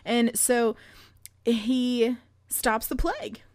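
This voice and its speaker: Animated, profane woman co-host. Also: a little high, drawn-out words, no room sound, clean studio sound. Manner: animated retelling, profane, laughs often. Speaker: podcast co-host. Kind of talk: casual irreverent chat.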